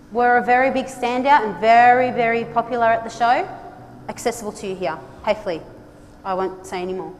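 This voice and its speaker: A woman giving a lively, direct conference presentation to a trade audience, urging them on with playful asides. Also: a little high. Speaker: design speaker at a trade congress. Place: large conference hall. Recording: long hall reverb, faint background noise.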